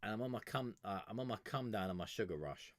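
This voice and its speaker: Rambling man with a lively voice. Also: on the low side, fast, no echo. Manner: rambling, swears freely, chuckles between thoughts. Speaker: music review streamer. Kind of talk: casual live-stream chat.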